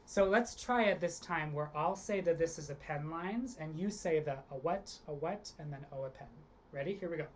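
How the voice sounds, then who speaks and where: Low-pitched woman, drama workshop leader, online lesson, shows games with big acted readings, faint noise. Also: normal speed. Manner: demonstrates games with big emotional line readings. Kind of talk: online theatre workshop instruction. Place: home, video lesson.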